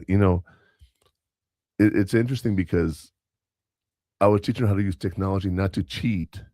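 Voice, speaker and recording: Low gravelly male podcast co-host, rambling anecdotal storyteller, dry close sound, casual chat. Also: warm tone, dry recording. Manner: rambling, anecdotal, with self-corrections and quoted dialogue. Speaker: podcast co-host and substitute teacher.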